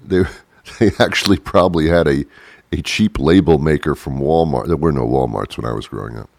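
Deep-voiced man rambling through a comic monologue. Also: fairly quick, vocal fry, darkish tone, no room sound. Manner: wry, rambling, acts out both sides of imagined dialogues. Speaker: radio show host.

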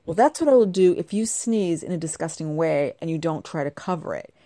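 A woman's voice: low voice, expressive, a little fast, warm tone, dry recording, clean studio sound. A middle-aged woman chatting casually to camera at home, bubbly and rambling, her voice a little nasal from a congested cold. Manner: bubbly, chatty, wandering asides. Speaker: vlogger.

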